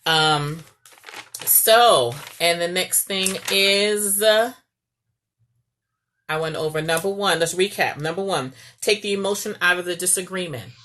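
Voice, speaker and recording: A woman's voice: fairly low pitch, unhurried, a bit bright. A woman giving casual marriage advice as a coach, chatty and often checking in with "okay?". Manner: chatty, repeats "okay?" to the viewer.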